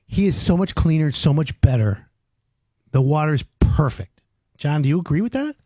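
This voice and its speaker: A man in his fifties hosting a home improvement radio show, telling stories with loud animated bursts. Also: fairly high pitch, normal speed, no room sound. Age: 50s. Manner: animated storyteller, loud bursts, reads phone number. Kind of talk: casual radio chat.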